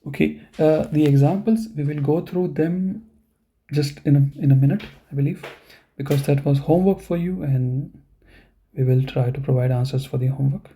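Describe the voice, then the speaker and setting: Gravelly-voiced man teaching a language class. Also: a little high, steady tone, normal speed, warm tone. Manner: explanatory, with frequent "you know" and "okay". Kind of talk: online class lecture.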